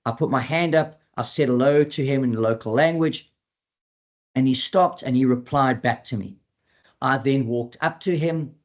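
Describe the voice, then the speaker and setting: A man's voice: medium pitch, moderate pace, highs cut off. Earnest man teaching about dogs. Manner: earnest, repeats key points for emphasis; acts out quoted dialogue in a lively voice. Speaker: dog behavior trainer. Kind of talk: educational webinar talk.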